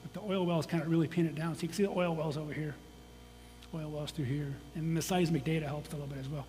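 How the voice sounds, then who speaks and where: A man's voice: a little high, fairly even intonation, quick pace, warm tone. A man from Michigan giving a casual, conversational presentation to an audience as a guest geologist, with frequent restarts and asides. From Michigan, USA. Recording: long hall reverb, faint hum.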